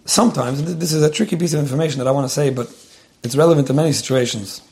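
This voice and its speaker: A man's voice: a little high, racing, gravelly, darkish tone. A man giving earnest, conversational marriage advice to a couple.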